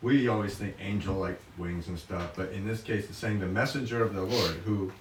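A man in the congregation interjecting softly to explain a point for the kids. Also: low voice, fairly quick, reverberant, far from the mic, a little hiss or hum, low-quality recording. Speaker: congregation member. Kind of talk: aside from the congregation.

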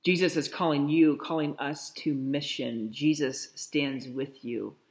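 A man preaching a sermon in a slow, reflective way, softly repeating a blessing. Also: fairly high pitch, steady tone. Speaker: pastor.

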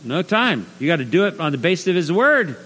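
A middle-aged male pastor preaching a sermon, animated and acting out little scenes with put-on voices. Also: fairly high pitch, a little fast. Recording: reverberant hall with faint mains hum.

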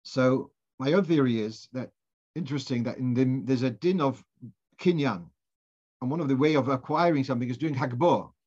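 A man's voice: medium pitch, a little mellow, husky. A man teaching a Torah class in an informal lecture, thinking aloud, posing questions and often restarting his phrases. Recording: dull lo-fi recording.

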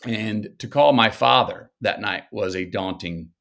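A man, a guest telling stories slowly and thoughtfully in an interview. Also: lowish voice, creaky, fairly bright tone. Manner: slow, reflective storytelling with drawn-out pauses. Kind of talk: conversational interview.

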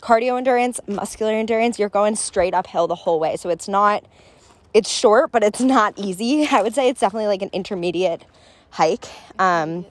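A young woman chatting casually in a travel vlog, full of "like" and quick laughs, recorded on a phone. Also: medium pitch, dry recording. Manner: chatty, laughs often, lots of "like". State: out of breath. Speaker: travel vlogger. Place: outdoors on a hiking trail.

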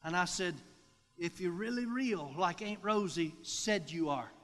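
A man, a pastor giving a sermon testimony, telling his story in an animated way and acting out the voices he quotes. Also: high-pitched, measured pace. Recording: long hall reverb.

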